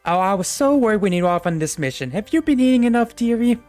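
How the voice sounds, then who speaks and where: A game master voicing a doting, grandmotherly Southern belle woman in a sweet, fussy, motherly manner with a high sing-song coo. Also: expressive, fast, a little mellow, soft background music, natural voice.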